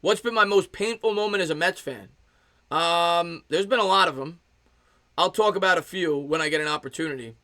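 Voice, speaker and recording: A man in his thirties calling a baseball game live as a fan, mixing pitch-by-pitch calls with replies to his chat viewers. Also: a little fast, sharp tone, no room sound, studio quality. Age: 30s. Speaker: fan play-by-play streamer.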